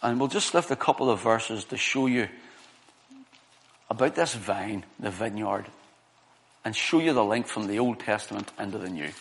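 A man's voice: fairly low pitch, normal speed, vocal fry, long pauses. A man preaching a sermon, explaining scripture and reading passages aloud, with frequent restarts. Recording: long reverb of a hall.

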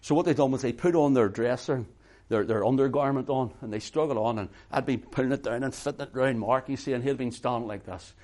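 A middle-aged preacher with a mid-range voice talks fast, alternating between hushed, intimate speech and loud emphasis. He repeats words to drive his points home.

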